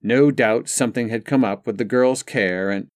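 A man narrating an audiobook in a steady, even reading style. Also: medium pitch, moderate pace, dry recording, clean studio sound.

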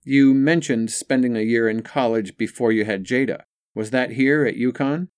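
A man's voice: medium pitch, moderate pace, no room sound, studio quality, voice pushed up, natural voice. An audiobook narrator, a man, voicing an earnest young woman student in a story, asking eager questions.

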